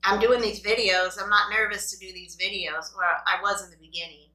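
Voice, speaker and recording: A woman with a bright, forceful voice chats casually to her viewers while she eats, rambling and poking fun at herself. The sound bounces around an echoey room. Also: medium pitch, steady tone, a little fast, distant mic. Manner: rambling, self-deprecating, talks to viewers. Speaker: mukbang host. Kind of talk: casual chat while eating.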